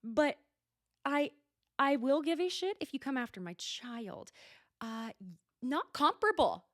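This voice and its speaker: A young adult woman hosting a solo TV recap podcast, gossipy and animated, swearing freely and laughing often. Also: high-pitched, a little slow, no room sound, studio quality. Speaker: podcast host. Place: lives at altitude, records at home.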